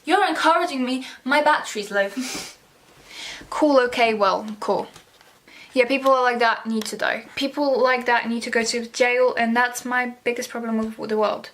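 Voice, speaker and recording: A woman's voice: a little high, normal speed, fairly bright tone. A teenage girl vlogging a blunt, sarcastic, rambling rant about her pet peeves. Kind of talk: ranting vlog monologue. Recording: roomy sound, mic far off.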